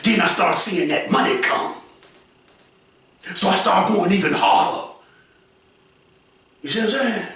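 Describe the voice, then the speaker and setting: A man giving preachy advice to other people, repeating his points and often raising his voice to a shout. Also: high-pitched, measured pace, long pauses, heavy reverb, far from the mic. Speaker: commentator.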